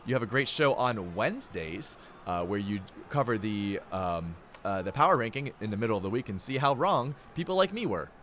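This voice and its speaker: A man hosting a live sports stream, signing off with excitable, hype-filled chatter and big swings in pitch. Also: a little fast, few pauses, a little hiss or hum. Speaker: play-by-play host.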